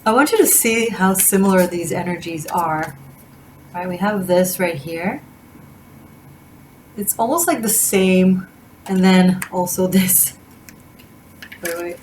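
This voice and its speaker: Gushing, rambling woman with a lowish voice. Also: slow, pauses often, darkish tone, a little hiss or hum, low-quality recording. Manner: gushing, rambling with many restarts and fillers. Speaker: tarot reader. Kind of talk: casual spiritual reading to camera.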